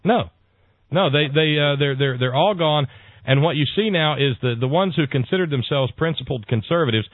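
A man hosting a political talk radio show, halting with restarts and telling folksy jokes. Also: medium pitch, no room sound. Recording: tinny phone-like dry sound.

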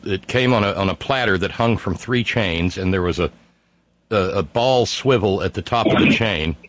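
A man's voice: lowish voice, fairly bright tone. An older man hosting a radio call-in who tells rambling stories and often stops to restart his sentences. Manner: halting, restarting, rambling storyteller. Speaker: radio host. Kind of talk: casual radio chat.

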